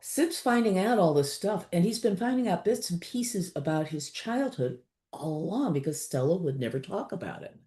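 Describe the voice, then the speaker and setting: A woman in her sixties from Los Angeles, an author chatting as an interview guest, animated and laughing often with many fillers. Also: on the low side, normal speed. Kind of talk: casual interview chat.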